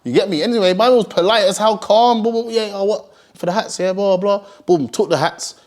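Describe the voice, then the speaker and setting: A man's voice: high voice, fairly quick. A young man telling a story in casual street slang, often acting out the people in it. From Birmingham, England. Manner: heavy street slang, animated retelling with acted quotes. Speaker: streetwear brand founder.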